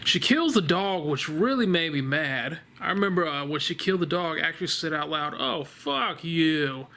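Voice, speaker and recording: A man's voice: fairly high pitch, animated, fairly quick, sharp tone. Rambling, profane man reviewing a horror film. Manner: rambling, laughing, blunt and profane. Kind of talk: casual spoken film review. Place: living room couch at home.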